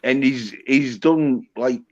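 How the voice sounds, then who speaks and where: A man's voice: mid-range voice, slow pace. A man hosting a livestream, rambling and teasing his guest with casual, heavy swearing. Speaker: livestream host. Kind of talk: casual profane banter. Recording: dull lo-fi stream audio.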